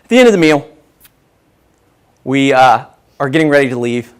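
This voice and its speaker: Lively man telling stories. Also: mid-range voice, normal speed, smooth. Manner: lively self-deprecating storyteller. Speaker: guest speaker. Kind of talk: humorous business talk to an audience.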